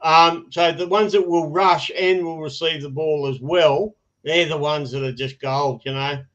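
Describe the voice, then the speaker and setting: Rambling Aussie podcast host, dull audio. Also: male voice, on the high side, steady tone, a little slow, fairly bright tone. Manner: rambling, laughs often, stumbling restarts. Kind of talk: casual podcast chat.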